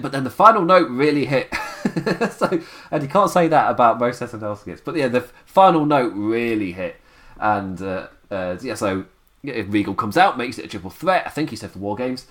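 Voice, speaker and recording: A man's voice: mid-range voice, fairly bright tone. Chatty man, voice worn down. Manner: rambling, chuckling, many fillers and restarts. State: voice worn down, sipping tea. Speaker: wrestling podcast host. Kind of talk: casual solo recap chat.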